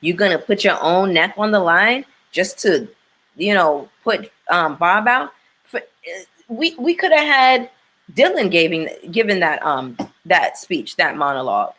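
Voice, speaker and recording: A woman's voice: lowish voice, animated, a little slow, a bit bright. A woman hosting a casual chat with her viewers, blunt and opinionated, swearing freely as she reacts to a reality show.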